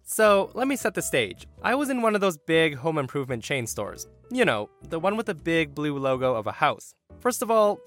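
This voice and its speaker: A man hosting a podcast, narrating a story in an animated, indignant way and acting out the people in it. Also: on the high side. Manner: animated, indignant retelling with quoted voices. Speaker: podcast host.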